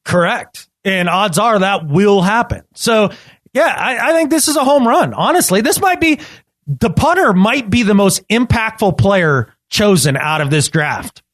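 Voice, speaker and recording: A man co-hosting a casual sports podcast, talking emphatically and repeating himself when excited. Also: high-pitched, measured pace, no echo, clean studio sound. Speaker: podcast co-host.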